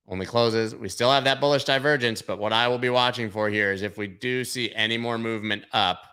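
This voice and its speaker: A man with a lowish voice and a bright, forceful edge hosts a casual market stream. He talks loosely, jokes and rambles into asides as he goes through the charts. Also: smooth. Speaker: host of a crypto market livestream.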